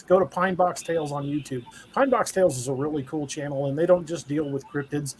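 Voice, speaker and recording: A male livestream host with a slightly higher voice, reading out chat comments and plugging channels in an upbeat tone. A faint noise floor sits under his voice. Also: fast, few pauses, darkish tone. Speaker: podcast host.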